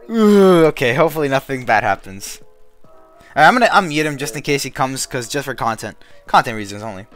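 A man live-streaming a game, chatting in a rambling, excitable way with a friend over voice chat. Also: mid-range voice, faint music behind. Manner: rambling and excitable, quick to shout. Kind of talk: casual gaming chat.

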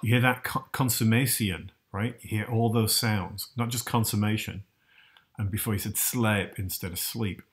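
A man hosting and explaining in a loose, casual way, hesitant and full of fillers, often checking in with the listener. His voice sits low. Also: steady tone, normal speed. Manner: hesitant, many restarts and fillers, asks the listener. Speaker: host.

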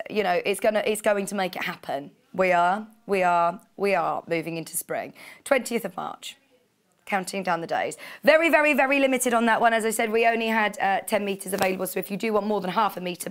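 Woman, TV shopping host in a studio: chatty, gushing, mid-pitched voice. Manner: chatty and gushing, with frequent gasps and laughs. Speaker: shopping channel presenter. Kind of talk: live TV sales presentation.

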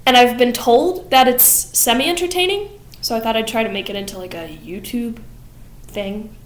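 A young woman in her late teens, a theater student, excitedly rushing through a plot recap with rambling asides. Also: a little high, roomy sound. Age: young adult. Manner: excited, rushed, rambling with fillers and laughs. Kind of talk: fast plot recap vlog.

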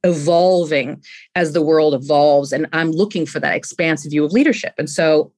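A woman in her fifties, a guest on a podcast, talking about leadership in an animated way and often restarting with repeated words. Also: sits low, normal speed. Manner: animated, acts out quoted voices, repeats words when starting a thought. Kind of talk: conversational interview.

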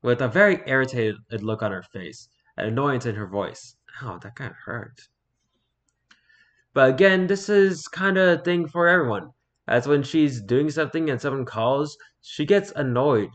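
Guy reading stories off the internet, mid voice, trips over words and chats about them. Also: medium pitch. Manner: reads haltingly, stumbles and repeats words, then comments offhand. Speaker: streamer reading online stories. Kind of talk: casual read-aloud with commentary.

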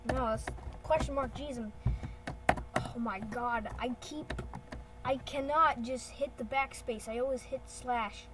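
At a measured pace, a woman with a slightly high voice and fairly even intonation provides rambling, playful screen-recording commentary for her channel, correcting herself as she goes. The background is noisy, with typing and mouse clicking audible.

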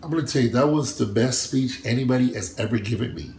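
Male interview guest: a lively storyteller who acts out the quotes, recorded in a reverberant room with light background noise. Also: quick pace. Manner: animated, acts out quotes with big pitch jumps, laughs often. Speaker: bodybuilder guest.

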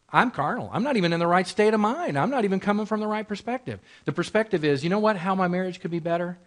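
A man's voice: high voice, animated, rapid-fire, hardly any pauses, a bit bright. A married man preaching as pastor in a conversational way, repeating phrases and asking rhetorical questions. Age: adult, married. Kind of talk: sermon in a Bible class.

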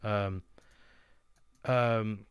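A man's voice: lowish voice, steady tone, drawn-out words, clear, resonant tone, no room sound. A man hosting a beat battle on a livestream, chatting casually, swearing freely and laughing often. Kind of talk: casual chat.

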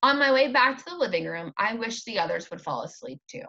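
Woman reading a storybook, lively. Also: fairly high pitch, fairly quick. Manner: expressive storytelling. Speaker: teacher. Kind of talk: reading a children's book aloud. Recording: dull lo-fi recording.

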